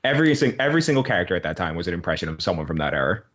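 A man's voice: sits low, sing-song, racing, a bit bright, dull audio. A man with a Philadelphia accent co-hosting a podcast, joking dryly in casual chat. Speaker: podcast co-host.

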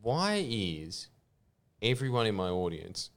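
An Australian man hosting a casual podcast in a mid-pitched voice with a lively, swinging delivery. His banter is sarcastic and mocking. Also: slow pace. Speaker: podcast host.

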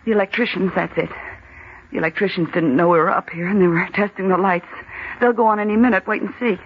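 A woman's voice: medium pitch, fairly even intonation, fast, slight background noise, lightly acted. An actress in a 1940s-style radio drama playing a level-headed young woman who reasons aloud and gives clipped, insistent commands to fight off panic. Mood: steadying. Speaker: office worker trapped at night. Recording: dull old radio recording.

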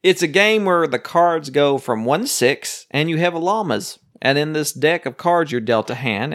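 A man co-hosting a casual chat podcast, explaining a card game at length and ranting about game awards. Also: mid-range voice. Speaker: podcast co-host.

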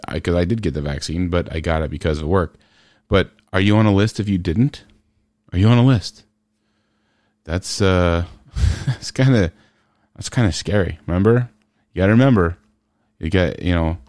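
A podcast host in casual commentary, ranting sarcastically and firing off rhetorical questions. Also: male voice, low voice, darkish tone, no room sound, studio quality.

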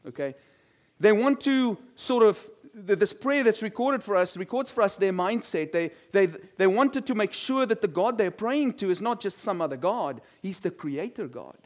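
A male pastor preaches a sermon and reads scripture in a high-pitched voice with lively intonation, at normal speed. He talks conversationally, putting questions to the congregation and repeating words.

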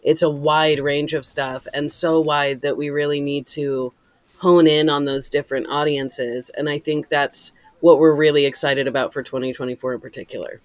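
A woman's voice: deep voice, little pitch movement, normal speed, a little mellow, no room sound. A woman talking in a casual interview about running a theater, rambling and laughing often. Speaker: deputy director.

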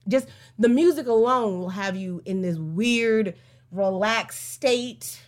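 Fired-up woman breaking down a song. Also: medium pitch. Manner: emphatic and profane, swinging between heated rants and slow drawn-out musing. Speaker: podcast host. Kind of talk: casual song breakdown commentary.

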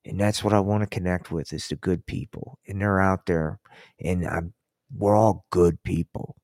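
A man's voice: low-pitched, fairly even intonation, moderate pace, darkish tone, no echo, studio quality. An older man hosting a podcast, rambling through a casual, profane monologue full of restarts. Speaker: podcast host. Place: Colorado.

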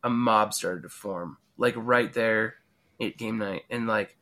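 A man's voice: fairly low pitch, slow pace, bright, forceful tone. A man, a game designer, telling his story as an interview guest, rambling and filling his speech with "like". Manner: rambling, heavy use of "like".

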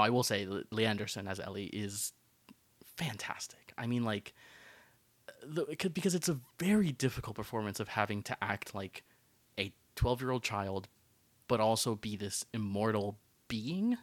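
A man's voice: on the low side, no echo. A man co-hosting a casual film podcast, talking in rambling runs full of fillers and restarts. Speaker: podcast co-host.

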